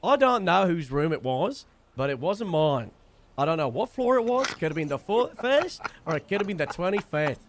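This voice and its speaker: Animated young man telling a story. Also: fairly high pitch, normal speed, noisy background. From Wales. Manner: animated, swears freely. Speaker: streamer. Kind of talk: casual storytelling.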